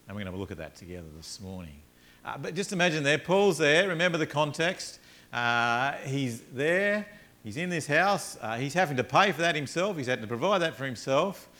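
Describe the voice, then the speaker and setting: A man preaching a sermon as a pastor, telling Bible stories in an animated way and acting out the characters. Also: fairly high pitch. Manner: animated storytelling, acts out characters.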